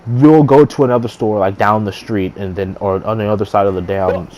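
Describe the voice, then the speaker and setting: A man's voice: on the low side, steady tone, fairly quick, noisy background. A young man, a gaming streamer, casually telling a story to camera, rambling, restarting his sentences and swearing offhandedly.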